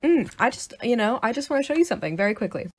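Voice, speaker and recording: A woman's voice: on the high side, big pitch swings, very fast, no room sound. A woman in her twenties talking casually and emotionally to camera. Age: 20s. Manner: casual, emotional, says "dude". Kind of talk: casual vlog.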